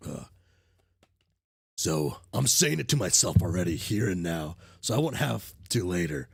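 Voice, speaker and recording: A man's voice: low voice, big pitch swings, a little slow, vocal fry, slightly rough, no room sound, clean studio sound. Sick, rambling man on a stream. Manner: rambling, full of restarts and fillers; swears casually. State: sick, coughing. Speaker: streamer reading a webcomic. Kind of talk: casual livestream chat.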